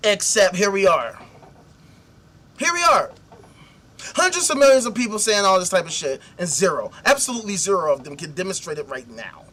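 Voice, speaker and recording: A man with a high, bright voice hosts a talk show. He is animated and sarcastic, swearing constantly as he rants about an article he reads aloud. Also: fast talker, hardly any pauses. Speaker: podcast host. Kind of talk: profane commentary reading a news article.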